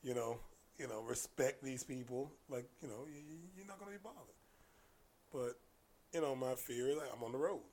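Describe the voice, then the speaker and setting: A martial arts coach chats on a casual podcast, telling stories in a medium-pitched voice. He's animated, laughs readily, and often restarts sentences, with a little hiss or hum in the recording.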